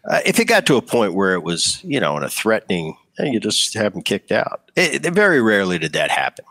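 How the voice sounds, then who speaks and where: A man's voice: on the low side, brisk, no room sound. A man, a former ballplayer, chatting casually as an interview guest, telling stories with frequent restarts. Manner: relaxed storytelling with frequent restarts. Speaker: guest, former baseball player.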